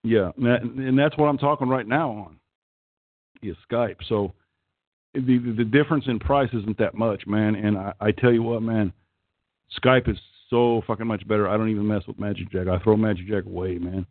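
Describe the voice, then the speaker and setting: A man's voice: fairly low pitch, steady tone, moderate pace, dry recording. A middle-aged man with an Okie accent hosting a casual call-in chat, crude, profane and rambling. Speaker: call-in show host. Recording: tinny phone-like call line.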